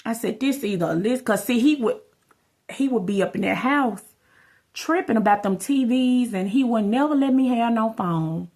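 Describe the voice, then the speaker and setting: A woman's voice: on the high side, lively intonation, moderate pace, darkish tone. Rambling woman telling her story. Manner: rambling, addresses viewers as y'all. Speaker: vlogger. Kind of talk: casual storytelling vlog.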